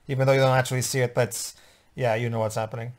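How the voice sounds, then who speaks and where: Brief: man, mid-pitched, hesitant and halting, casual movie commentary. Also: flat delivery. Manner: hesitant, lots of uh's, chuckles between remarks.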